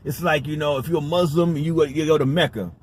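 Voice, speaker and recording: A man tells a story casually, circling back and repeating his points with emphasis and the odd curse. His voice sits a bit high for a man. A faint background noise runs under the recording. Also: fairly even intonation, quick pace. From United States. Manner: rambling, emphatic, profane, repeats himself. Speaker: vlogger.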